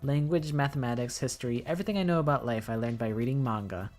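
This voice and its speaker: A woman's voice: very deep voice, fast talker, a little mellow. Wry woman streamer reading game lines. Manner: wry, joking asides between reading. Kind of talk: let's play, reading all dialogue aloud. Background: game music.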